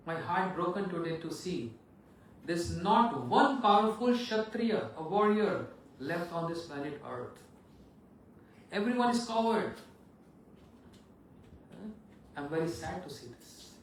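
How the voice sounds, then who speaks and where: A preacher voicing a broken-hearted old king, crying out slow and high. His lament rings through a big echoing hall, heard from a distance. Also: a bit bright, a little hiss or hum. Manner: lamenting, pleading. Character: grieving old king, father of the bride. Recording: echoey hall, voice from afar.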